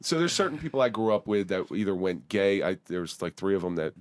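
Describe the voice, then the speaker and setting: A man from the Atlantic City area hosts a podcast in a deep, low voice. He asks direct, probing questions and mixes in stories from his own life. The sound is dry and close to the mic. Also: quick pace, no room sound. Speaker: podcast host. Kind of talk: interview questions, casual talk.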